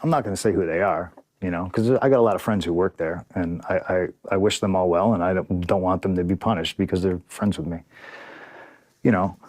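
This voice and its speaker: A man's voice: deep voice, fairly quick, a little mellow, no echo, clean studio sound. A man in a casual podcast interview, telling a story in a profane, vivid way and acting out what others said. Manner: profane, vivid, acts out dialogue. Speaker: podcast guest, pro wrestler.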